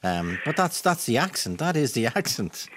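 A man with a Dublin accent hosting a radio phone-in, pushing back on a caller in a measured way with some hesitation. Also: mid-range voice, big pitch swings, a bit bright, slight background noise. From Ireland. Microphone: studio mic.

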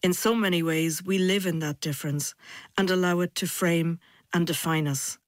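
A woman hosting a radio feature, asking questions and narrating in a measured, thoughtful way. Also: lowish voice, fairly even intonation, no echo, clean studio sound. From Ireland. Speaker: host. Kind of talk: interviewing and scripted narration.

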